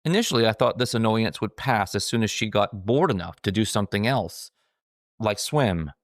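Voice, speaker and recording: A man's voice: fairly low pitch, lively intonation, normal speed, no room sound, studio quality. A man reading his own humorous memoir aloud, in a wry, dryly self-mocking storytelling style. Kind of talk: scripted storytelling narration.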